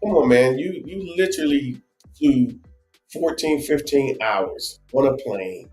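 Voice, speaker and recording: A man with a New Jersey accent co-hosting a casual travel live stream, rambling and animated with lots of restarts. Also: medium pitch, unhurried, echoey room, faint music behind. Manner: animated, rambling, many restarts and "you know". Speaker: travel show co-host.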